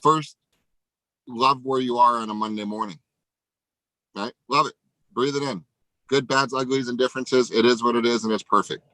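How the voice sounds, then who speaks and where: A man giving an energetic motivational pep talk as a sales coach, emphatic, tagging lines with "right?". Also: mid-range voice, moderate pace, pauses often, dry recording, poor audio.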